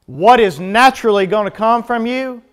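A male pastor preaching a sermon, asking the congregation questions and building to loud, high swells before dropping back down. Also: moderate pace, clear, resonant tone.

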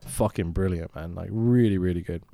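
A man's voice: low voice, fairly quick, vocal fry, warm tone, no echo, studio quality. A man co-hosting a casual film review podcast, sweary and sarcastic, often mock-quoting the characters. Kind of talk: casual chat.

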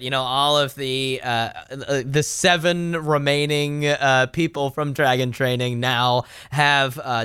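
A man's voice: mid-range voice, sharp tone, clear, resonant tone, dry recording, clean studio sound. A young man in casual chat, thinking aloud in a hesitant way.

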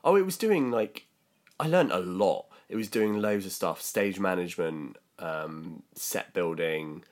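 A man's voice: deep voice, animated, a little slow. A young British man telling a story in casual podcast chat, with lots of ums and likes. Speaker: podcast co-host.

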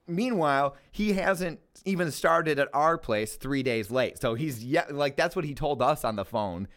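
Animated swearing man telling a story. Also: fairly high pitch, unhurried. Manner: animated, swearing, mimics people in exaggerated voices. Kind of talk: casual storytelling chat.

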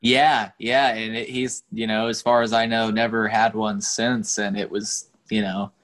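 A man's voice: on the low side, level tone, unhurried, fairly bright tone. A man telling a story in a loose, rambling way, full of fillers and swearing, in a casual chat.

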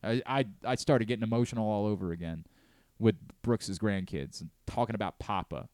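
A man's voice: on the low side, brisk, a little mellow, no echo. A man in his late thirties hosting a sports talk radio show, talking earnestly and candidly, often restarting his sentences. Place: radio studio. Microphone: close studio mic.

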